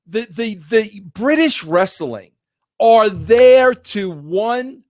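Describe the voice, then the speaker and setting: A man's voice: high voice, extremely slow, no echo, clean studio sound. Emphatic man telling stories. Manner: animated, emphatic, repeats words, addresses listeners as guys. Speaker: podcast host. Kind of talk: casual storytelling monologue.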